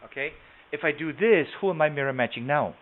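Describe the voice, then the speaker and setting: A man's voice: on the high side, expressive, a little fast. Man teaching over tinny call audio. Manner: conversational, asks the class questions, repeats words. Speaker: sales trainer. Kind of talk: live webinar training.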